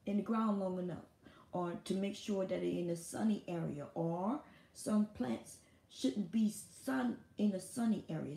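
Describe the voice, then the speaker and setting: A woman hosts her own live stream in a loose, casual monologue, blunt and quick to swear. Her voice is low-toned and mellow with a gravelly fry running through it. The room around her adds a noticeable echo. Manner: blunt and profane.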